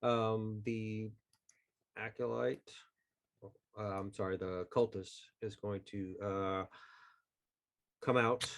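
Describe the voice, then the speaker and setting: A man serving as game master, running a tabletop game at an unhurried pace with many pauses and fillers. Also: lowish voice, fairly even intonation, gravelly.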